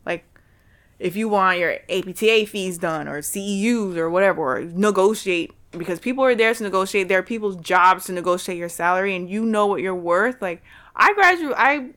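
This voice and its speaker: A woman in casual conversation, telling stories in a lively, chatty way and acting out the voices of the people she quotes. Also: mid-range voice, a little fast. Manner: chatty, animated storytelling with quoted dialogue. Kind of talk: casual chat.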